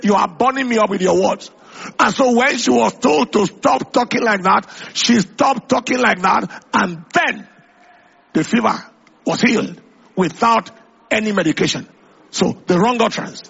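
A man preaching with a high voice that has a gravelly, husky edge. He builds emphatic, repetitive lines and quotes scripture at length. The sound is dull and lo-fi, like an old radio broadcast. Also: fairly bright tone. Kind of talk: sermon.

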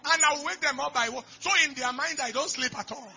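A man preaching a sermon, moving from quiet storytelling to loud shouted declarations. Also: very high-pitched, brisk, gravelly. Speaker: pastor. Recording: dull lo-fi recording with faint music.

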